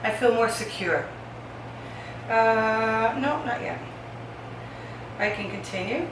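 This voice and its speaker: A woman with a slightly high voice speaks slowly while hosting a laid-back cooking demonstration at home, chatting with viewers as she cuts vegetables. The background is noisy: the kitchen echoes heavily, the mic sits far away, and dishes clatter.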